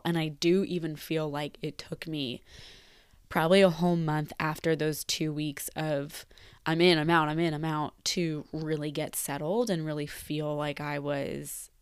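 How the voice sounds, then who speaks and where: A woman's voice: deep voice, clean tone, no room sound, clean studio sound. A woman in her twenties, a teacher, talking candidly and reflectively about her job in a personal vlog, repeating words for emphasis. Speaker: teacher leaving the profession.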